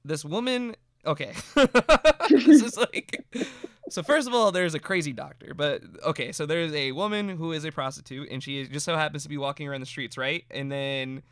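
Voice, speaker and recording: A man's voice: a little high, a little fast, hardly any pauses, fairly bright tone, smooth. A male podcast host chatting casually in an upbeat way, laughing often.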